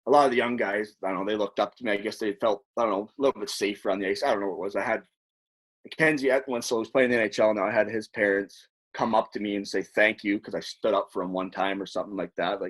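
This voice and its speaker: A man, a former hockey player, telling long rambling stories on a podcast in a casual, profane way. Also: fairly low pitch. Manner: rambling, profane, animated storyteller. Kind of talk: casual storytelling.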